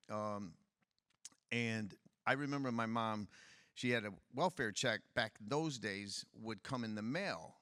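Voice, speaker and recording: Brief: middle-aged man from Detroit, low voice, blunt plainspoken candidate, dry close sound. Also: pushed and bright, no room sound. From Detroit, USA. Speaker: political candidate. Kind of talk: fireside chat on stage.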